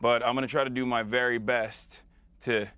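Male online streamer as remote guest, deliberate and filler-heavy, dry close sound. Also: medium pitch, little pitch movement, pushed and bright, dry recording. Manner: measured, hesitant with many fillers. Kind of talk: live interview over a video link.

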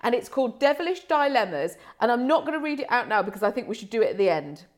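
A woman's voice: fairly high pitch, sing-song, fast talker. A woman co-hosting a podcast, chatty and bubbly, often breaking into laughter. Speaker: podcast co-host. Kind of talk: casual chat.

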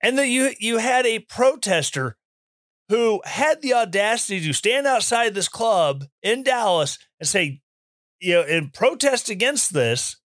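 A man giving opinion commentary in an animated, sarcastic rant, mimicking people he mocks. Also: sits high, unhurried, no room sound, studio quality. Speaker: commentary host.

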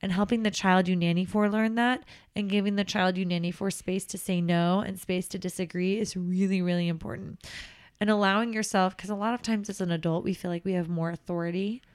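A woman who works as a nanny, co-hosting a podcast in casual chat, earnest and animated. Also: medium pitch, fairly quick, smooth. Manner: warm, earnest, animated storytelling with laughs.

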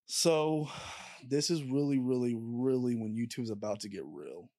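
A young man guest on a podcast, telling a story in casual chat, halting with lots of fillers and swearing. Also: medium pitch, mellow, dry recording, clean studio sound.

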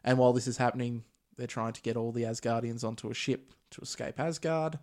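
A man casually recapping a film plot as podcast host, relaxed and chatty. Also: medium pitch, fast talker. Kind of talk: casual movie recap chat.

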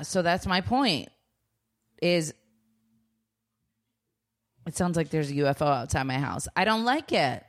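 A woman co-hosts a relaxed chat with a notably low voice. She answers in blunt, quick remarks and shares her own opinions on parenting. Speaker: podcast co-host, mother. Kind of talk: casual chat.

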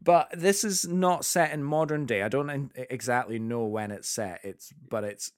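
A man co-hosting a casual film chat, enthusiastic and halting. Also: medium pitch, no echo, clean studio sound. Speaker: podcast co-host. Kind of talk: casual chat about films.

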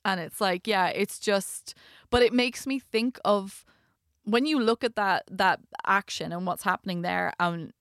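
A woman's voice: mid-range voice, measured pace, dry recording, studio quality. A woman co-hosting a casual podcast, talking through a movie and acting out quoted lines as she goes. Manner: conversational, animated retelling with quoted asides. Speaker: podcast co-host. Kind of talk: casual chat reviewing a movie.

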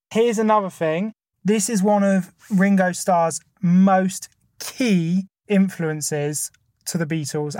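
A man's voice: high voice, no echo. Podcast co-host, male, casual talker, argues in numbered points, dry close sound. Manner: enthusiastic, argues point by point with many fillers. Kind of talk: casual chat.

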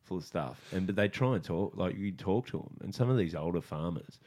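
Young Australian guy, deep voice, easygoing anecdotes. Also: lively intonation, fairly quick, a little mellow, breathy edge. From Australia, grew up in the country. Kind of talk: casual chat, storytelling.

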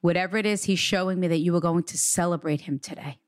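A woman's voice: on the low side, quick pace, dry recording. A woman working as a psychic medium, giving an earnest, reassuring reading in conversation. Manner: earnest, reassuring, relays quotes in a raised voice.

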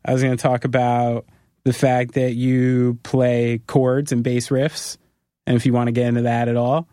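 A man's voice: mid-range voice, little pitch movement, moderate pace, warm tone, no echo, clean studio sound. A man from New Jersey hosting a podcast in casual chat, jokey and rambling, laughing often. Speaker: podcast host.

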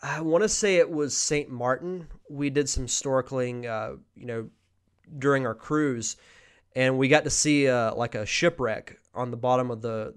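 Young guy hosting a live q&a, smooth clear voice, laid back, reads questions and riffs on them. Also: mid-range voice. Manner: relaxed, reads out viewer questions and answers off the cuff. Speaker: podcast host. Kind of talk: casual live Q&A chat.

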